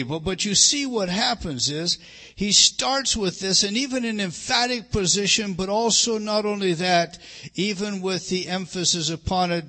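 A middle-aged man preaching a sermon, emphatic, rising to loud stresses and dropping to hushed lines. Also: high-pitched, unhurried. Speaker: pastor.

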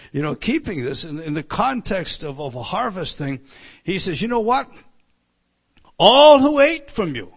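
A male preacher with a fairly high voice that swings widely up and down as he teaches. He stumbles and restarts often, then rises to loud, emphatic phrases before falling back to quiet asides. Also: husky. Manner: animated teaching, many restarts and stammered repeats; builds to loud emphatic lines, drops to soft asides. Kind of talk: sermon.

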